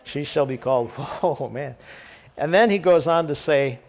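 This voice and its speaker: A man's voice: a little high, lively intonation, fairly quick. A man preaching a sermon, reading scripture aloud and then explaining it casually with jokes and asides to the congregation. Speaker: pastor.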